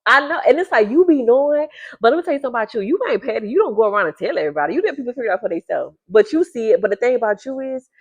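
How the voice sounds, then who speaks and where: A woman's voice: animated, racing. Emphatic woman, dull lo-fi sound. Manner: emphatic, repeats herself, swings up high when riled; keeps her voice down at first with a sleeping baby nearby. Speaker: vlogger giving a reading to viewers. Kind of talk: casual direct-to-camera talk.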